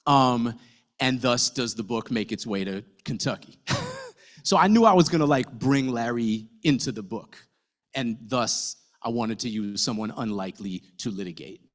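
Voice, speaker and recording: A man, a novelist, talking casually to an audience at a book event, telling his story with lively asides and the odd swear word. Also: mid-range voice, normal speed. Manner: conversational, animated storytelling with fillers and swearing.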